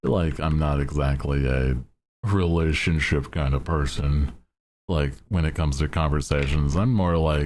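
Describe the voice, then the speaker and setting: A man's voice: rumbling low, steady tone, a little slow, a little mellow. A male streamer chatting casually in a laid-back, slangy way and laughing often.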